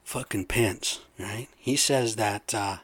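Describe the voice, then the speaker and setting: A man's voice: on the low side, slow, fairly bright tone, husky, no room sound. A man in a casual, rambling rant, swearing often and working himself up. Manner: profane, worked-up, rambling.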